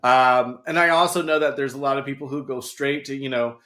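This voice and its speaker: A man's voice: mid-range voice, fairly even intonation, brisk, sharp tone, roomy sound. A man guesting on a podcast, chatting casually and telling anecdotes. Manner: chatty, storytelling, laughs often.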